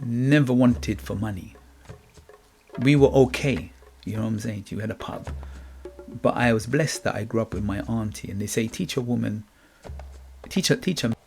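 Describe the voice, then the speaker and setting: Gravelly Guyanese man musing aloud. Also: mid-range voice. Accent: Guyanese Caribbean. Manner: musing, repeats words, asks "you get me?". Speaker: podcast host. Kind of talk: reflective motivational monologue. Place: England.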